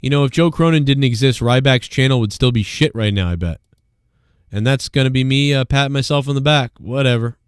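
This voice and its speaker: A man's voice: mid-range voice, brisk, smooth, no room sound, clean studio sound. A man hosting a live show, ranting casually and swearing often as he rambles. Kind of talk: casual live-stream rant.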